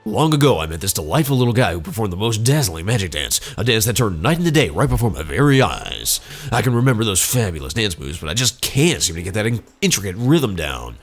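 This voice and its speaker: A vain, theatrical dancer from a video game who speaks grandly of himself, as a man puts him on. His voice is lowish but animated, rising and falling with flair. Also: quick pace, faint music behind. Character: flamboyant vain male dancer. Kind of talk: let's play voicing game dialogue.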